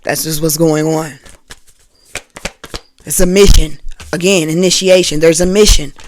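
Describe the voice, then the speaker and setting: A woman's voice: low-pitched, steady tone, measured pace, a little mellow, slight background noise. A woman giving a casual tarot reading for an online audience, talking loosely and chattily, repeating phrases and checking in with her listeners. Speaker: tarot reader.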